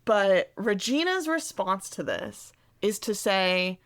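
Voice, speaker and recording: Gravelly-voiced woman podcast co-host. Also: mid-range voice, no echo, clean studio sound. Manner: animated, swearing, quotes characters in quick voices. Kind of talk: casual recap chat.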